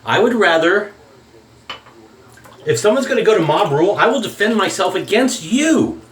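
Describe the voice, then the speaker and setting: A man's voice: high-pitched, animated, normal speed, slight background noise. A man delivering a heated, profane rant in a shaving vlog. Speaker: shaving vlogger. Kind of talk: angry political rant. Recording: echoey room.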